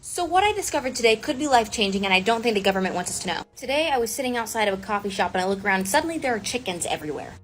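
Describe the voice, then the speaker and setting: A woman's voice: on the high side, expressive, racing, few pauses, faint music behind. A woman in her twenties telling sarcastic, chatty stories to her followers. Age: 20s. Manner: chatty, sarcastic, filler-heavy. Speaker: content creator. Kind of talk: storytime monologue to camera.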